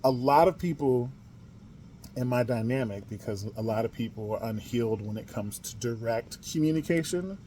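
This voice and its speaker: A man from the United States hosting a podcast, talking on his own in a casual monologue, emphatic, spelling words out and swinging from quiet to loud. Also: medium pitch, lively intonation, normal speed, slight background noise. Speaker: podcast host.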